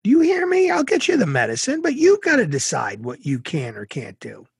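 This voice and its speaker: A man's voice: high-pitched, very animated, fast talker, pushed and bright, breathy edge, no echo, clean studio sound, pitched above the performer's own voice, full character voice. Insistent mother, as a man puts her on. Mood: stern. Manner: insistent, emphatic. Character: stern, fiercely supportive mother.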